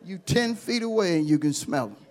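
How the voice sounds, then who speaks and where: A man, a bishop, preaching a sermon in a fiery call-and-response style that swings from hushed asides to shouting. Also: high-pitched, expressive, a little fast.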